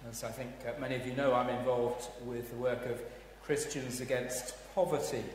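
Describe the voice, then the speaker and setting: A man preaching a sermon, swinging between hushed tones and loud dramatic exclamations. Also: mid-range voice, little pitch movement, moderate pace, slight background noise. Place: church. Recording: echoey hall, heard from a distance.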